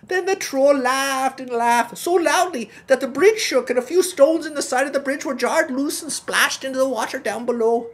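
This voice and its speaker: A chirpy male farmhand with a lilting Irish accent rambles through a folksy comic tale, as a man puts him on. The voice sits high and bright for a grown fellow, all good-natured storytelling. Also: normal speed, creaky, hardly any pauses. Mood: cheerful. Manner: folksy, rambling yarn-spinner.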